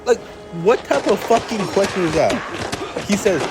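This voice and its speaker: Casual male vlogger, young, exasperated storyteller with lots of restarts; animated delivery, music bed under the voice. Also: sits high, moderate pace. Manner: exasperated, swearing, laughing, many restarts.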